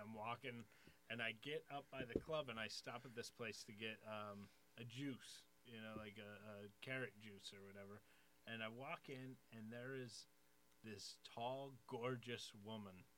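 A comedian telling an embarrassing story, laughing and acting out the dialogue. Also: male voice, mid-range voice, normal speed, slight background noise. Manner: excitable, laughs often, acts out dialogue. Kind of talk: casual storytelling chat.

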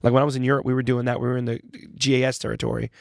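A man in his forties, a guest chatting casually in an interview and acting out quotes as he tells animated stories. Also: medium pitch, racing, vocal fry, no echo, studio quality. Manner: animated storyteller who acts out quotes, swears casually.

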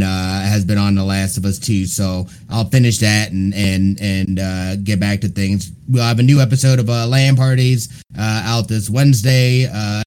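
A man co-hosting a gaming podcast, talking in a relaxed, rambling way with fillers. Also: fairly low pitch, smooth. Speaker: podcast co-host. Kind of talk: casual chat.

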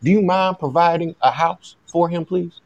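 A slick man doing a Southern-accented sports agent, drawling and courteous while he keeps asking for more. The voice sits a touch high and sounds dry and close. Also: gravelly, dry recording, lo-fi sound. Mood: smooth, pushy. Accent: put-on Southern US. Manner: slow, polite, wheedling deal-making. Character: smooth-talking male sports agent, pushy.

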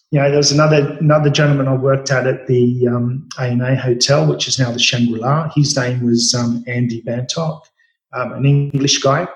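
A middle-aged man, a chef, telling stories in an interview with a relaxed, rambling manner full of fillers and restarts. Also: medium pitch. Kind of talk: storytelling interview answers. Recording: roomy echo.

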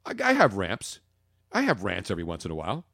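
A man hosting a sports talk podcast, opinionated and jokey, swinging from loud bursts to low muttering. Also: wildly swooping pitch, quick pace, creaky, no room sound, clean studio sound.

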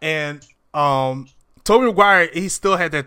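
Bright-voiced man recapping a movie. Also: on the high side, a little slow, smooth. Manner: animated retelling, acts out the characters' lines. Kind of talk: casual movie recap chat.

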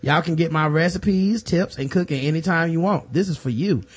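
A man's voice: fairly high pitch, normal speed, husky. A man putting on a drawling, mock-genteel Southern US accent to play a celebrity woman cook.

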